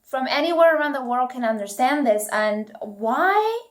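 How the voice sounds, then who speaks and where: A woman's voice: sits high, expressive, normal speed. A young woman from northeast Italy with an Italian accent, chatting casually to camera with lots of ums. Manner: chatty, many ums and restarts. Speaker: vlogger.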